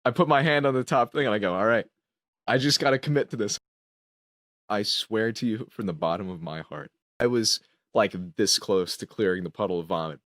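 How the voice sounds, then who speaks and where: Animated storytelling young man, dry mic. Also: lowish voice, a little fast, no room sound. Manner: animated, acts out his own lines, laughs through the story. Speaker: podcast co-host. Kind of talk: casual storytelling among friends.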